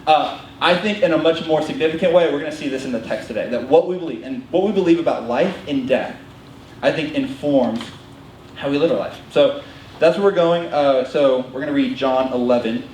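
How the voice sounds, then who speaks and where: A young man tells a story as part of a sermon, lively and self-interrupting, slipping into the voices of his family. His voice sits a little high and carries from a distance through an echoey hall. Faint room ambience runs underneath. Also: a little fast, a little hiss or hum. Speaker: preacher. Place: worship hall.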